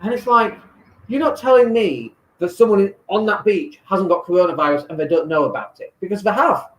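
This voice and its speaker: A man's voice: sits high, brisk, fairly bright tone. A man vlogging casually from his home, talking in a blunt, exasperated, ranting way. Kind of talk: casual lockdown vlog rant. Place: home in Spain. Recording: echoey room.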